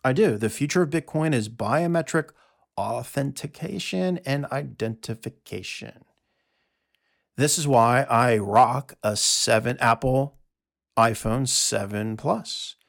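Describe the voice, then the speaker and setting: A man with a gravelly, creaky voice delivers a solo monologue, reading from his notes. He is emphatic and sarcastic, stressing his points and tossing in quick asides. His pitch sits in an ordinary middle range. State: out of breath. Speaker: podcast host.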